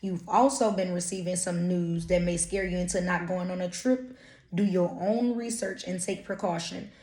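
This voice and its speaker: A woman's voice: on the low side, steady tone, normal speed, darkish tone. Blunt woman, roomy echo. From Louisiana. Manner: blunt, profane, streetwise slang. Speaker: intuitive reader. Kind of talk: casual channeled energy reading.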